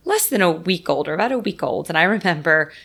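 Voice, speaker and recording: A woman in her thirties chats casually about parenting. Her voice sits low yet sounds bright and crisp. She talks quickly and laughs often. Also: lively intonation. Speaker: podcast co-host. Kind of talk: casual chat about baby sleep.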